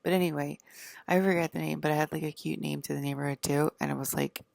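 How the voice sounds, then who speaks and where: Talking at a quick pace, a woman vlogger runs through a rambling, profane, casual monologue full of "like", sometimes lowering to a half-whisper. Her low voice is gravelly, a little mellow and fairly even in intonation, with no echo.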